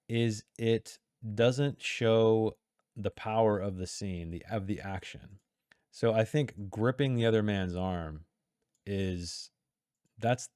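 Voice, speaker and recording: A man's voice: lowish voice, a little mellow, dry recording, studio quality. A man talking through editing notes in a casual, chatty way, breaking off mid-sentence and reading passages aloud. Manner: chatty, self-interrupting, reads passages aloud. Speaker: writer giving editing critique. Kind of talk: casual critique reading from a text.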